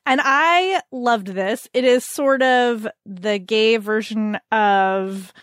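A woman's voice: a little high, slow, no echo, studio quality. A woman hosting a podcast, recommending books in enthusiastic casual chat, laughing often and saying "like" a lot.

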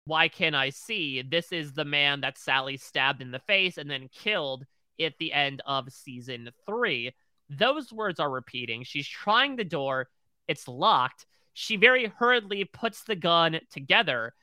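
A man's voice: fairly high pitch, expressive, unhurried, pushed and bright, clear, resonant tone, dry recording. A man co-hosting a TV recap podcast, retelling scenes in close detail. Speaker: podcast co-host.

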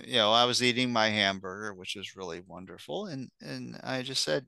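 A man chats casually as a podcast regular, spinning meandering anecdotes with offhand swearing. His voice is bright and smooth, and the recording is close and dry. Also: medium pitch, fairly quick, few pauses, no echo. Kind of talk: casual chat.

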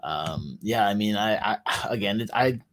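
A man's voice: on the low side, expressive, normal speed, a bit bright. A young man on a sports podcast, rambling through his points in casual chat with lots of fillers. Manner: rambling, many fillers and restarts. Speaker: podcast co-host.

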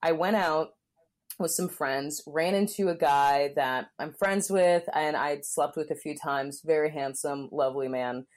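A woman with a somewhat low voice tells a candid personal story on a podcast. She keeps things loose and chatty, scattering fillers and putting on the voices of people in her story. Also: measured pace. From Southern California. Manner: candid, frequent "like" fillers, acts out quotes. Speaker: comedian guest.

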